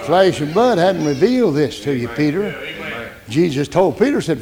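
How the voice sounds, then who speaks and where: An older man preaching a sermon in a folksy way, breaking into shouts and laughing asides. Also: on the high side, very animated, moderate pace, gravelly, crowd noise.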